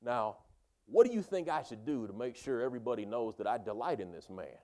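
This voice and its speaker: A man's voice: medium pitch, animated, a little fast, darkish tone, pitched below the performer's own voice, lightly acted. A man voicing an ancient king who talks in laid-back modern slang. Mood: earnest.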